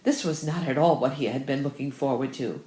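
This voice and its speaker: A woman narrating an audiobook, reading in a lively, expressive way. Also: very deep voice, brisk. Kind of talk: scripted narration. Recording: roomy echo.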